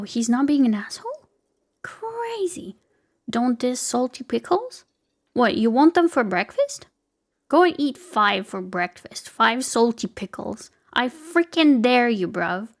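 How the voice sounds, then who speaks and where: A woman's voice: on the high side, animated, unhurried. A young woman streaming a game live, chatting playfully with viewers and swearing casually.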